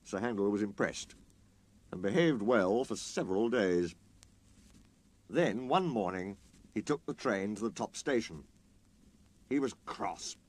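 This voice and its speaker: Man reading a children's story, lively lilt. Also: lowish voice, measured pace, pauses often. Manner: expressive, lilting storytelling.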